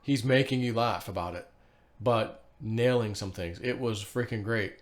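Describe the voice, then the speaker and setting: A vlogger hosts a casual solo video, reading online posts aloud and rambling through them in a low-ish voice at a measured pace. He's animated, uses lots of loose fillers and chuckles to himself now and then. There's slight background noise.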